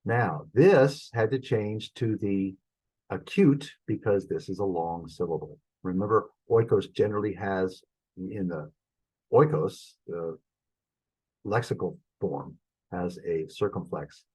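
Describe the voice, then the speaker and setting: A man's voice: deep voice, slow pace, darkish tone, husky, poor audio. A middle-aged man teaching a Greek lesson, thinking aloud as he works through examples and stops to correct his own mistakes. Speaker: Greek instructor. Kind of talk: recorded classroom lesson.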